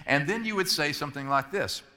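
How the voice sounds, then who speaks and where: A man's voice: fairly high pitch, lively intonation, fairly quick, bright, forceful tone. A man in his forties, a pastor giving a sermon, telling stories in a conversational, self-mocking way. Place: church sanctuary. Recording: long reverb of a large church.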